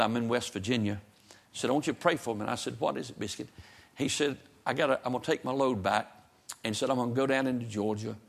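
A preacher man delivering a fervent, folksy sermon. His voice has a gravelly, creaky edge at a middle pitch, and he leans into emphatic passages. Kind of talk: sermon with storytelling.

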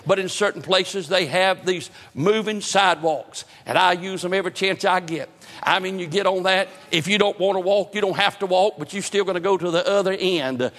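A man's voice: sits high, moderate pace, fairly bright tone, long reverb tail. A man preaching a sermon with a fervent, repetitive cadence.

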